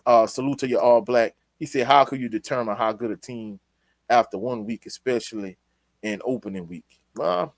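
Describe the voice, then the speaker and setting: A man's voice: mid-range voice, normal speed, no room sound. Laid-back man, dry sound. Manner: laid-back, opinionated, talks straight to viewers. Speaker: sports show host reading live chat. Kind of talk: casual live-stream reaction talk.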